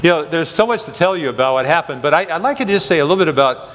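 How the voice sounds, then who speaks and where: A man's voice: a little high, animated, racing, a bit bright, big-room sound. A man interviewing a chapel guest, talking in a rambling way with many restarts and chuckles. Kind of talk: casual interview chat.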